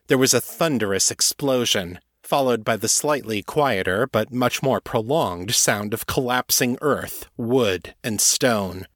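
A man reading an audiobook in a steady, measured narrating voice. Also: mid-range voice, dry recording, clean studio sound.

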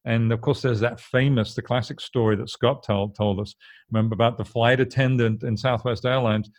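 A man with a middle-pitched voice co-hosts a casual podcast. He explains his points earnestly and often restarts or repeats words as he talks. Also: steady tone, fairly quick, dry recording. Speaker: podcast co-host.

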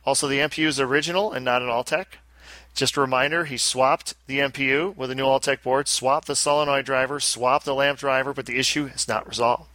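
A man hosts a casual podcast and works through listener mail with dry, wry asides. His voice is bright and sits at a middle pitch, and the sound is dry. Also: fairly even intonation, fast, dry recording. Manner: wry, reads emails aloud with asides. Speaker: podcast host.

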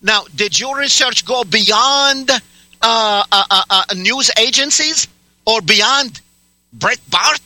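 A man's voice: very high-pitched, slow, bright, forceful tone, no room sound, low-quality recording. A male radio talk show host arguing heatedly with a caller, interrupting and demanding answers in a sarcastic tone. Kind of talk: heated on-air argument with a caller.

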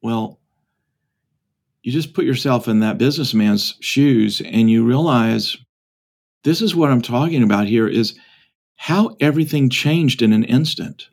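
A man's voice: mid-range voice, unhurried, darkish tone. A man, a pastor and author, telling a story earnestly and acting out its voices as a podcast guest. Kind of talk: storytelling talk.

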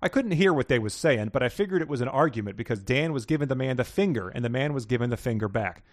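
A man reading aloud in the voice of a slow-witted Southern man, with a put-on Southern accent and folksy, ungrammatical speech. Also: mid-range voice, expressive, no echo, clean studio sound, lightly acted. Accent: American Southern, put on. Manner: folksy drawl with broken grammar.

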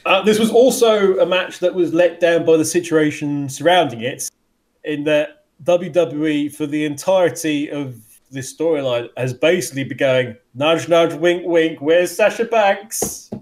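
Man, podcast co-host, rambly, a touch high. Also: moderate pace, a little mellow. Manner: rambling, frequent restarts and laughs. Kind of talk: casual chat reviewing wrestling.

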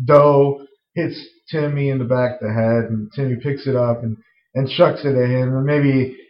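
A man casually pitching a film scene, rambling with lots of fillers and some swearing. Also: fairly even intonation, moderate pace. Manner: rambling, full of "like" and "uh", profane. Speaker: screenwriter pitching a story. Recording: roomy, dull lo-fi recording.

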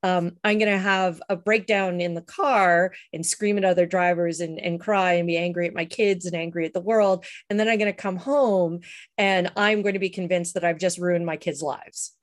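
A woman's voice: fairly low pitch, steady tone, moderate pace. A middle-aged woman talking casually, hesitant, with many restarts and fillers. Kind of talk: casual chat.

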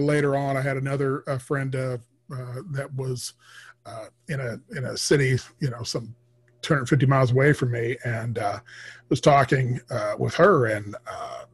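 Middle-aged man, husky voice, rambling casual storytelling, lots of pauses, podcast guest. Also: mid-range voice. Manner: rambling, many filler pauses.

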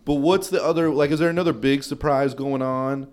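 A man's voice: medium pitch, fairly even intonation, fairly quick, a little mellow. A man co-hosting a comedy sports podcast and making jokey, teasing asides. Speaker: podcast co-host. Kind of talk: casual comedic sports chat.

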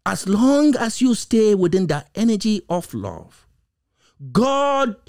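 A man's voice: high voice, sing-song, takes it slowly, creaky, darkish tone, clean tone. A man preaching a sermon, stretching out key words and firing off rhetorical questions. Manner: emphatic, repetitive rhetorical questions, occasional laughs.

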